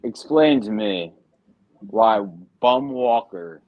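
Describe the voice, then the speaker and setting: A low-pitched man co-hosts a casual sports podcast, rambling along with plenty of ums. His voice is close and dry, with a slightly dull, muffled sound. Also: expressive, slow pace, no echo. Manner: conversational, frequent ums, trails off. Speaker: podcast co-host.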